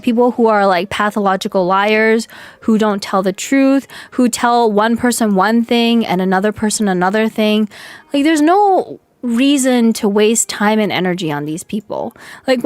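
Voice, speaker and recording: Hoarse young woman venting on stream. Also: mid-range voice, no echo. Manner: venting, animated, lots of "like". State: hoarse from yelling. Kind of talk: casual live-stream chat.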